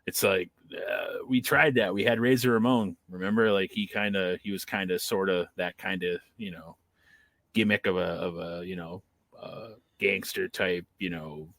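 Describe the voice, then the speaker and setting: Lower-voiced male co-host, dry close sound, casual and exasperated. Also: fairly even intonation, moderate pace, vocal fry, fairly bright tone, no room sound. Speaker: podcast co-host. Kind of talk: casual wrestling podcast chat.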